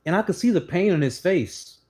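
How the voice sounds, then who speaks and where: A man telling stories and opinions to his channel in a blunt, profane, animated way while sitting on a couch indoors. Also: high-pitched, brisk. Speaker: channel host. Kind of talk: casual opinion monologue.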